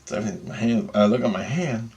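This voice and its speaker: A man casually telling a vlog story, animated and full of swearing. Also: on the low side, fast, lo-fi sound. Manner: profane, animated retelling of a dream. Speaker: vlogger.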